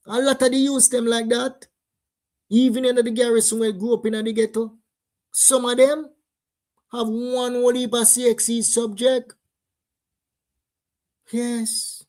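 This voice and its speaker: Jamaican woman, news commentary host, unhurried and emphatic delivery. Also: on the high side. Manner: animated, emphatic, drops into patois. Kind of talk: casual commentary in patois.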